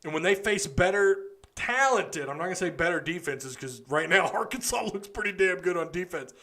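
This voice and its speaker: Man, fairly high voice, tired, rambling casual talk, live podcast host. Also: lively intonation, a little fast, pushed and bright. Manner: chatty, rambling, talks to chat viewers.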